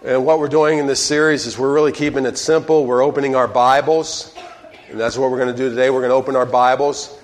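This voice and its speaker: A man preaching a sermon, telling a joke with lively storytelling and asking the congregation questions, often adding "okay?". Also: medium pitch, quick pace. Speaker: pastor.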